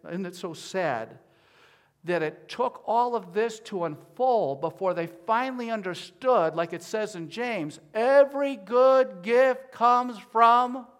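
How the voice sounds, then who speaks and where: A man preaching a sermon as pastor, at times rising to loud pleading as he voices people's prayers. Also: sits high, expressive, unhurried. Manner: builds to loud pleading when voicing prayers.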